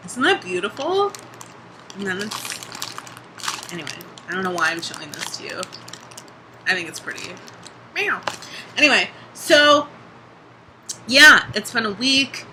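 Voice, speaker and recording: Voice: medium pitch, bright, forceful tone, a little hiss or hum, low-quality recording. A young adult vlogger talking casually in a video diary, chatty, full of "like" and casual swearing.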